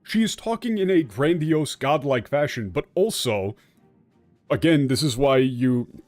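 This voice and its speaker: A man streaming a game and translating its dialogue live, talking in a halting way with frequent restarts and casual swearing. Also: mid-range voice, animated, darkish tone, dry recording, soft background music. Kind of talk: live gameplay commentary.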